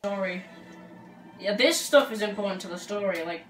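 A woman's voice: medium pitch, normal speed. A woman commentating gameplay in a chatty, joking way, with many filler words. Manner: chatty, joking, says like a lot. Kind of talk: let's play commentary. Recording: echoey room, far from mic, game music.

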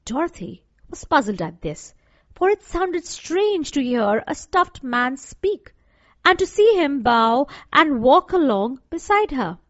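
A woman reading a children's story aloud for a class lesson, clear and deliberate. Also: sits high, very animated, no room sound. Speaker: teacher. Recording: dull dry lo-fi recording.

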